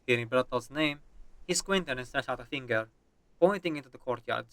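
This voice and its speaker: A man's voice: medium pitch, fairly quick, a bit bright, dry recording. A man streaming, reading and voicing a game's story with chatty asides.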